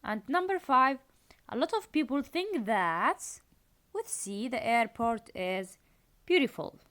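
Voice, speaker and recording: A woman walks pupils through an English lesson in a slightly high voice. She reads each exercise aloud and repeats the important phrases. She switches into her to explain the grammar. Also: big pitch swings, slow pace, fairly bright tone. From Jordan. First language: Arabic. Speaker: English teacher. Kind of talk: recorded classroom lesson.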